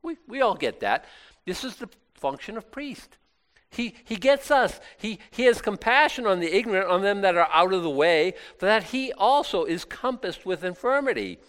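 A man's voice: high voice, lively intonation, moderate pace, fairly bright tone. A middle-aged man preaching a casual, conversational sermon, acting out little asides and laughing now and then. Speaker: pastor.

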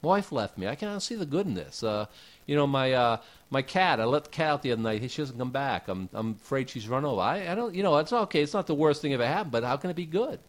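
A man's voice: medium pitch, animated, quick pace. A man preaching a casual sermon, talking conversationally with rhetorical questions and folksy asides.

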